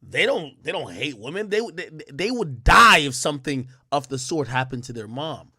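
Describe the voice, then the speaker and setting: A man hosting a reaction stream, talking casually and explaining his view as he goes. His voice sits a little high for a man, and the recording is close and dry with no room sound. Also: sing-song, moderate pace, sharp tone, slightly rough, dry recording. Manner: casual, explanatory, repeats "you know" and "like". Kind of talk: casual commentary on a clip.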